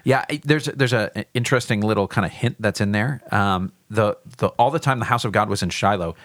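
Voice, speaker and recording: Low-voiced man leading a Bible chat. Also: fast talker, fairly bright tone, no echo, studio quality. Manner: leads the discussion, thinking aloud with restarts. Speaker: pastor. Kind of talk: podcast Bible discussion.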